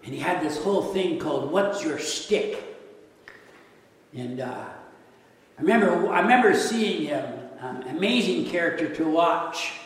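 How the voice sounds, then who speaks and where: A man's voice: on the high side, animated, unhurried. A man preaching a sermon as a pastor, talking conversationally and asking his listeners rhetorical questions. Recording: echoey hall, mic at a distance.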